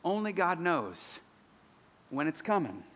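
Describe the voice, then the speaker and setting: A man's voice: on the high side, sing-song, slow, a bit bright, long reverb tail. A man in his thirties preaching a sermon as a pastor, earnest and building to emphatic declarations.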